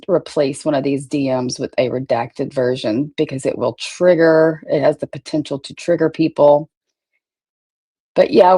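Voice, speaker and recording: A woman's voice: low-pitched, a little mellow. A woman hosting a casual livestream, greeting viewers by name and swearing freely. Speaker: livestream host.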